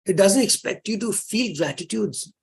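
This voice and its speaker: Indian guy lecturing on religion, husky voice, earnest and coaxing, drops hindi words in. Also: high-pitched, expressive, moderate pace. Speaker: lecturer on Jain practice.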